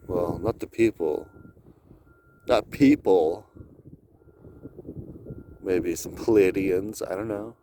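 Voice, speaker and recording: Slow, low-voiced profane man rambling outdoors. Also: background noise. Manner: profane, drifting, laughs between thoughts. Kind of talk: rambling solo vlog monologue. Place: outdoors on icy cliff edge.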